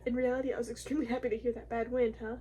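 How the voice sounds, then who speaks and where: A young woman with a slightly high voice reads a creepy post aloud in a playful, offhand way, laughing easily between lines. A faint hiss sits behind her. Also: little pitch movement, very fast, mellow. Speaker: video co-host. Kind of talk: reading horror posts aloud with casual chat.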